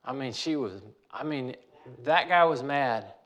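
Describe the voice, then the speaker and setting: A man's voice: medium pitch, expressive, measured pace, fairly bright tone. A man telling a personal story in a folksy way, repeating phrases for emphasis.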